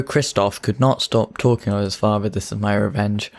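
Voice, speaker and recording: A man's voice: on the low side, steady tone, normal speed, vocal fry, darkish tone. A man reading an adventure story aloud to a friend, mock-annoyed and swearing at his interruptions. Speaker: narrator and co-host.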